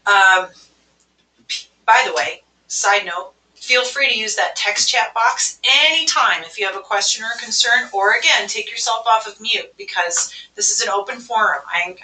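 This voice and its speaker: Give me a woman trainer coaching staff on phone manners in an energetic, emphatic way. Her voice is bright and sharp, and she is recorded from a distance in an echoey room. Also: medium pitch, a little hiss or hum. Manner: lively, emphatic, acts out phone greetings. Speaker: hospitality trainer. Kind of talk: webinar training talk.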